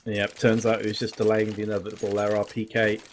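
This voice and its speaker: A man's voice: on the low side, monotone, fast, a little hiss or hum. A man giving color commentary on an esports match with dry, teasing banter. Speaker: esports analyst.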